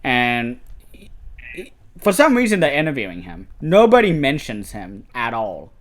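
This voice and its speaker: A man's voice: medium pitch, wildly swooping pitch, normal speed. A young man in casual chat as a co-host, telling stories bluntly, swearing freely and sounding indignant. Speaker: podcast co-host.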